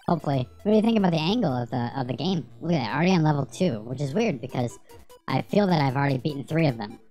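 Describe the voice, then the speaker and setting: A woman's voice: low-pitched, expressive, fast talker, dark tone, faint music behind. A woman streaming a retro game, rambling, swearing and joking with her chat as she plays. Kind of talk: casual livestream gameplay commentary.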